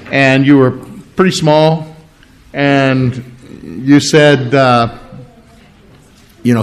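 A man preaching a sermon in church, animated and emphatic, stopping to explain Greek words. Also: on the high side. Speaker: pastor.

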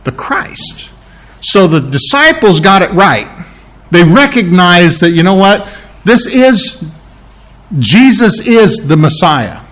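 A man's voice: high-pitched, sing-song, slow, a bit bright. A man, preaching a conversational sermon, often restarting and correcting himself. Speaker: pastor.

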